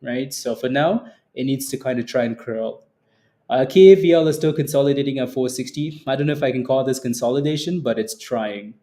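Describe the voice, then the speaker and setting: A man's voice: medium pitch, fairly quick, warm tone. A young adult man hosting a live stock trading stream, chatting casually and teasing his viewers, repeating phrases and laughing often. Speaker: stock trading livestream host. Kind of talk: casual livestream chat reading the chat.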